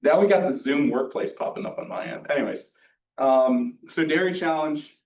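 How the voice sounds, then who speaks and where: A man's voice: a little high, moderate pace, a little mellow. A young man in his twenties giving a casual, chatty presentation with lots of ums and asides. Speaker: student presenter at a career night. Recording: echoey room, distant mic.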